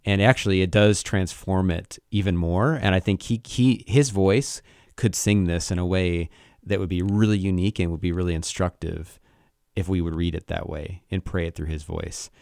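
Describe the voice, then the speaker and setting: A man with a very low, gravelly voice talks through scripture on a podcast. He is thoughtful and halting and often restarts his sentences. The sound is dry and close to the mic. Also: steady tone, a little mellow, no echo. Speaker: podcast co-host. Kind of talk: casual Bible discussion.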